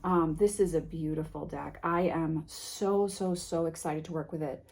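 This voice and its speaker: A woman vlogging an unboxing of a card deck, reading card names softly and gushing with emotion. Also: deep voice, fairly even intonation, normal speed. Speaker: tarot vlogger. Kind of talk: casual unboxing vlog.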